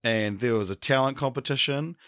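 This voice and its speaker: A man from New Zealand co-hosting a podcast, his voice hoarse from yelling, telling stories with lots of laughter. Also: medium pitch, brisk, dry recording, studio quality. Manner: laughing, animated storytelling. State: hoarse from yelling the night before. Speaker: podcast co-host. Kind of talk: casual podcast chat.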